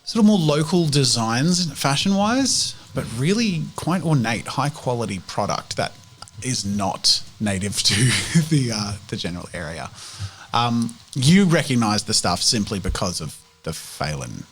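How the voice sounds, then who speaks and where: A man's voice: medium pitch, very animated, measured pace, fairly bright tone, a little hiss or hum. A man narrating a tabletop role-playing game as game master, casual and rambling.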